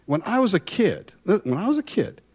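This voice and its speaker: Animated preaching man, dull recording. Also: high-pitched, moderate pace, breathy edge. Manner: animated, conversational preaching with rhetorical questions. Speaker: pastor. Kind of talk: sermon.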